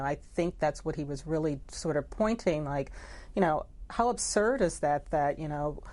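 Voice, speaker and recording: Low-voiced woman editor chatting in an interview, thoughtful, lots of you knows. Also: a little mellow. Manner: reflective, full of "you know" asides. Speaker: newspaper editor and guest. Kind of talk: conversational interview.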